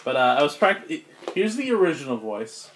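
Higher voiced guy running a tabletop game, super casual. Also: big pitch swings, moderate pace, a bit bright, slight background noise. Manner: casual, laughing, slangy narration. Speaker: game master.

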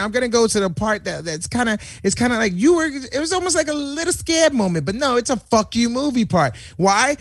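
A man hosting a casual podcast chat, telling stories in an excitable, profane, laughing way. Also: sits high, dry recording, clean studio sound.

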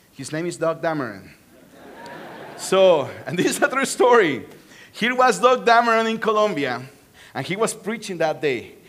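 A man with a Spanish accent preaching a sermon as a pastor, animated and joking with the congregation. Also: sits high.

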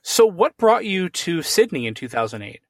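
A man's voice: high-pitched, sing-song, moderate pace, dry recording, studio quality. An American man hosting a podcast, chatting in a friendly, playful way and often repeating words as he starts a thought. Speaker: podcast host. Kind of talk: casual interview chat.

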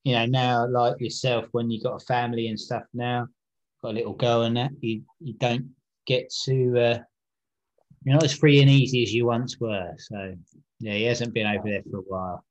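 A man's voice: medium pitch, level tone, moderate pace. A man hosting a casual podcast, blunt and jokey, swearing freely in banter. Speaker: podcast host. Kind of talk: casual chat.

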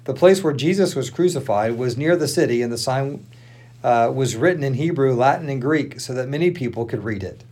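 A man co-hosting a podcast, reading a Bible passage aloud in turns, plain and steady with small slips. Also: medium pitch, brisk. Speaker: podcast co-host reading scripture.

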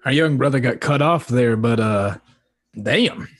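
A man's voice: mid-range voice, unhurried, a bit bright, breathy edge. A man co-hosting a podcast, teasing his co-host in casual banter, laughing often and swearing freely.

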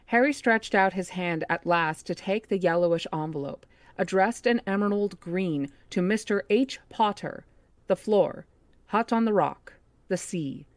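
A woman's voice: mid-range voice, measured pace, dry recording. A woman hosting a book club podcast, reading a novel aloud steadily and correcting her own slips. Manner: reads steadily, with slips she corrects herself.

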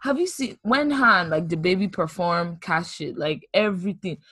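A woman co-hosts a casual podcast chat, teasing her friends and laughing a lot. Her voice swings lively up and down with a slightly husky edge. The sound is dry and close. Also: lowish voice, moderate pace, no room sound. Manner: animated, teasing, laughs often. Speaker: podcast co-host.

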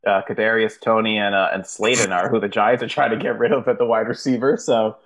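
A man's voice: lowish voice, steady tone, a little fast, fairly bright tone. A man co-hosting a casual sports podcast, blunt and matter-of-fact, with some swearing. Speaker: podcast co-host.

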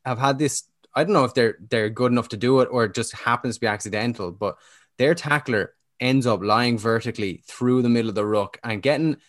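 A man with an Irish accent co-hosting a casual sports podcast from home, rambling and getting animated when he argues a point. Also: medium pitch, brisk, no room sound, studio quality. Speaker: podcast co-host. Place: home, cats around.

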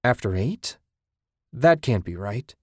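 A male narrator voicing a groggy, dismissive husband who grumbles gruffly in a spoken story. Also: fairly low pitch, big pitch swings, slow pace, darkish tone, no room sound, studio quality, heavily acted. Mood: grumbling. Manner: gruff, grumbling, matter-of-fact.

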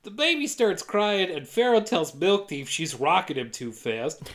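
A woman co-hosting a podcast, giving a jokey, sardonic recap of a movie with quick impressions. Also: fairly low pitch, expressive. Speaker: podcast co-host.

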